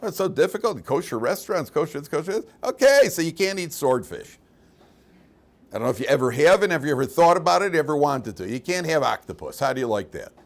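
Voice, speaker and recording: Lively, animated male rabbi teaching. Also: a little high, quick pace. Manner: animated storyteller, jokey asides, frequent restarts. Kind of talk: informal Torah class with a told story.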